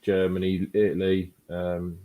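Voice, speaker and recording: A man with a very deep voice chats as a guest on a casual fan podcast. His talk is easygoing and rambling. He leans on filler phrases as he goes. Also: monotone, a little slow, phone-quality sound. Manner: easygoing, rambling, peppered with "to be fair" and "you know". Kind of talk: casual chat.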